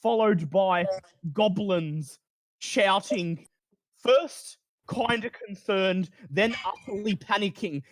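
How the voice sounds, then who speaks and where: A man's voice: high voice, takes it slowly, no echo, studio quality. Man narrating as game master.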